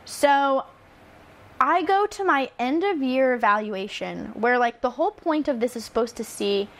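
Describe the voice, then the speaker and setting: Young female teacher, animated storyteller, casual chat, fairly high voice. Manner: lively storyteller, quick asides and laughs.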